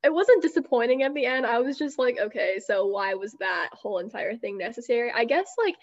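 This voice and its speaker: A woman's voice: on the high side, lively intonation, brisk. A young woman chatting casually in a book club, with lots of "like" fillers. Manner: chatty, heavy use of "like". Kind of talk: casual chat. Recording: dull lo-fi sound.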